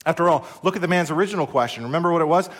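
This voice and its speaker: A middle-aged man from the United States preaches to his congregation with earnest conviction. His voice sits a touch higher than most men's. He leads the room in call-and-response. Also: rapid-fire, a bit bright. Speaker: pastor. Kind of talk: sermon.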